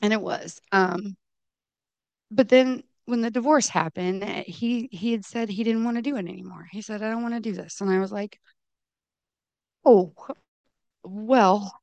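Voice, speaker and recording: A middle-aged woman giving candid personal testimony at a recovery meeting, halting and restarting as she quotes her own self-talk. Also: mid-range voice, darkish tone, dry recording, muffled recording. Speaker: recovery program member sharing her story.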